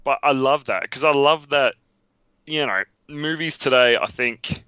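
A man co-hosting a podcast in casual, animated chat, acting out bits of movie dialogue. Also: medium pitch, measured pace, clear, resonant tone, no echo, muffled recording. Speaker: podcast co-host.

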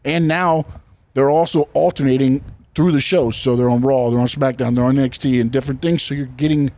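A man's voice: mid-range voice, steady tone, brisk, warm tone, no room sound. A man on a radio show, chatting casually and explaining things at length in long run-on lists. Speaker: radio show guest talking wrestling.

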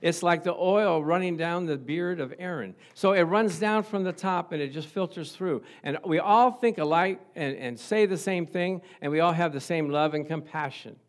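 A middle-aged man preaching a sermon as pastor, animated and calling out for amens. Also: on the high side, normal speed, hardly any pauses. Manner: animated, asks the congregation for amens. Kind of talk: lively sermon.

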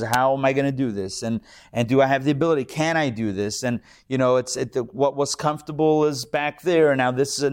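A male rabbi giving a live Torah class, telling stories in an animated way with frequent restarts and small jokes. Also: medium pitch.

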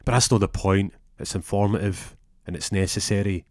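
A man's voice: lowish voice, fairly quick, dry recording, clean studio sound, natural voice. A man voicing a self-important young detective who rambles off topic. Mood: rambling. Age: 20s.

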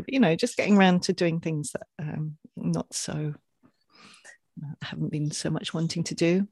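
A woman co-hosting a podcast, talking with quick, bright enthusiasm. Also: on the low side, dry recording, studio quality. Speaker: podcast co-host. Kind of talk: casual chat.

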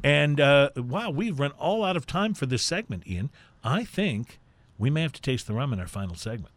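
A man hosting a radio show in a studio, chatting casually through a tasting with many fillers and pauses. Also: mid-range voice. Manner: animated, halting with many fillers. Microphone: studio microphone.

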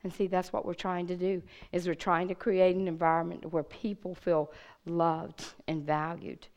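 At a women's church gathering, a guest speaker gives a testimony sermon in a voice on the low side, keeping a moderate pace. Animated and direct, she tells a personal story to the people in front of her.

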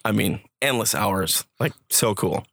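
A man chats casually about someone's work, halting and repeating himself as he speaks admiringly. His voice is low, gravelly and husky, and the sound is dry. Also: lively intonation, fairly bright tone. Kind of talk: casual chat.

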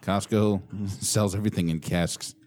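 A man's voice: sits low, steady tone, moderate pace. A man co-hosting a casual podcast, joking and swearing freely. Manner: profane, laughing banter. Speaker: podcast co-host.

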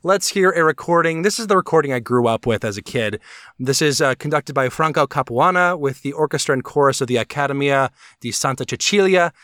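A man's voice: a little high, expressive, fairly quick, a bit bright, dry recording, clean studio sound. A man co-hosting a podcast, talking in a casual, enthusiastic, rambling way with many restarts and fillers. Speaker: podcast co-host. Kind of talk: casual chat.

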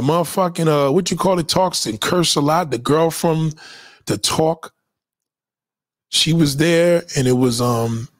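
A podcast host with a fairly high-pitched voice, recorded dry, tells loose, profane stories and reacts to live comments in casual chat. He restarts his sentences a lot.

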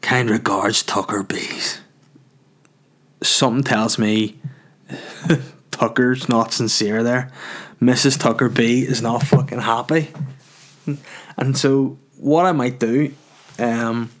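A man hosts a comic podcast, reading out reviews and mocking them with wry asides. His voice sits at an ordinary pitch for a man. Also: fairly even intonation, slow pace, long pauses. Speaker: podcast host.

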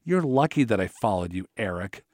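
A man's voice: fairly low pitch, very animated, moderate pace, fairly bright tone, no room sound, studio quality. A man voicing a scared, furious young boy screaming with a cracking voice.

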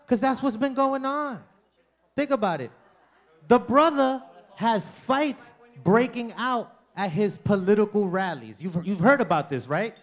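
A man doing a stand-up comedy set in a club, loud and profane, working the crowd and mocking people with impressions. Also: high-pitched, expressive, measured pace.

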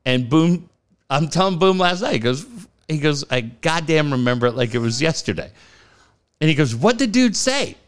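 A man in his late forties from the San Diego area spins a story in a casual chat, his voice riding up and down across a lively range. He swears freely and throws himself into the quoted voices, and his talk sits a little higher than most men's. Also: normal speed, clear, resonant tone. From San Diego area, California.

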